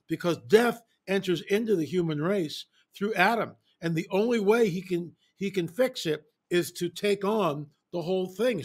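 Animated man telling stories in an interview. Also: high voice, breathy edge. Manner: animated, emphatic, repeats phrases for effect. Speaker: guest. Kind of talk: casual interview storytelling.

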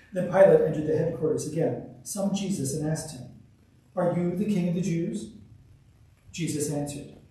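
A man giving a measured, solemn liturgical scripture reading as the church's reader. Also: on the high side, dark tone. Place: church sanctuary. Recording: echoey church, distant mic.

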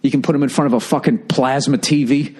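A man's voice: medium pitch, fairly even intonation, fast, darkish tone, slightly rough. A man, ranting casually and profanely as a podcast host at home. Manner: profane, exasperated, mocks others in put-on voices. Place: home room with birds chirping outside.

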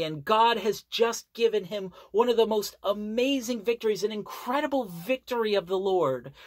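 Slow, earnest Bible teacher. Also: mid-range voice, a bit bright, no room sound. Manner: earnest, deliberate, repeats key phrases for emphasis. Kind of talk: sermon with scripture reading.

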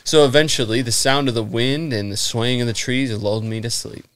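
A man's voice: medium pitch, steady tone, a little fast, fairly bright tone, smooth, no room sound. A man hosting a podcast, casually reading a story aloud and chatting, often laughing and swearing. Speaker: podcast host.

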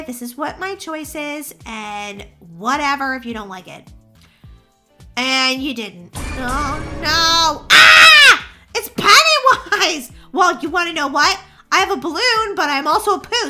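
Goofy woman doing gameplay commentary, high and super bright, voice bouncing all over. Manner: silly and playful, sings goofy bits. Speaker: gaming video host.

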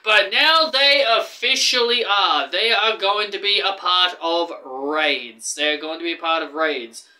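Excitable high-voiced man vlogging. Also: a little slow, few pauses. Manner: excitable and rambling, with frequent restarts. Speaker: gaming YouTuber. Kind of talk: casual gaming news vlog.

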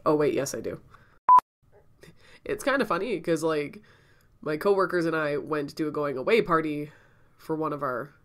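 A woman's voice: sits low, moderate pace, long pauses. A woman telling a casual story-time vlog while sick and out of breath, chatty and rambling, often laughing and coughing between thoughts. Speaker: vlogger.

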